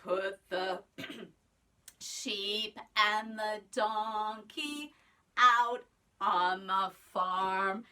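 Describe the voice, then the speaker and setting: A woman voicing a wise old village woman who gives calm advice in a measured sung-speech. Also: medium pitch, clear, resonant tone, recorded from a distance, pitched above the performer's own voice.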